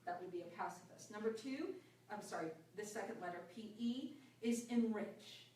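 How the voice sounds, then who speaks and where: A woman talking earnestly about her own life, her voice sinking soft and low at times. Her voice sits at a middle pitch. It carries a strong room echo from well off the mic, with faint ambient noise underneath. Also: normal speed, far from the mic. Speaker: self-help speaker. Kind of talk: reflective personal talk.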